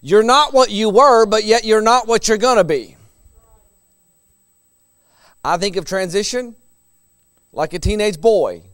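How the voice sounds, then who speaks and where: A man's voice: high voice, animated, unhurried, long pauses, fairly bright tone, clear, resonant tone, dry recording, studio quality. A middle-aged man preaching a sermon in a conversational way, chuckling between his points.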